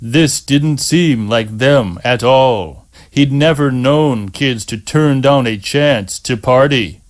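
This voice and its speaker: A male audiobook narrator reading at an unhurried, measured pace. His voice sits at an ordinary middle pitch, steady and plain. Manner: slow and measured.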